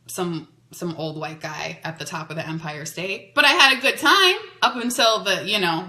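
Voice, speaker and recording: A woman hosting a podcast, telling a dating story in a chatty way, full of "like"s. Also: on the low side. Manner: chatty, animated, many "like"s. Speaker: podcast host. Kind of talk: casual storytelling. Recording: echoey room.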